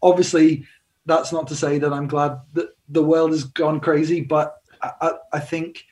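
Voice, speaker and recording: A man's voice: a little high, flat delivery, normal speed, darkish tone. A young English man, a musician, chatting in an interview over a video call, self-deprecating and laughing often. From England. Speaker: musician guest.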